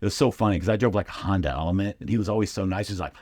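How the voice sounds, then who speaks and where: A middle-aged man telling comedy anecdotes casually, with lively impressions and lots of fillers. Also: low-pitched, rapid-fire, gravelly, hardly any pauses, husky, dry recording. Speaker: guest comedian and radio host. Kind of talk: casual storytelling.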